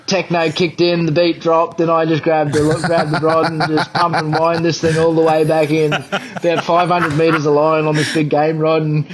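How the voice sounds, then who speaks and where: A young man, a podcast guest, telling a fishing story in an animated, self-deprecating way. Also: a little high, normal speed. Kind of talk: casual storytelling.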